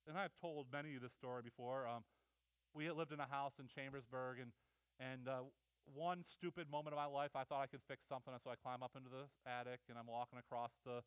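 A middle-aged man preaching a sermon, telling animated family stories and acting out the voices of his kids and wife. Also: mid-range voice, a little fast, smooth, no echo, poor audio. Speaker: pastor.

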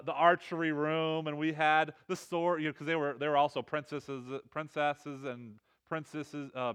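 A man's voice: a little high, fairly bright tone, smooth. A middle-aged man preaching a sermon in a loose, conversational way, with lots of fillers and restarts. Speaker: pastor.

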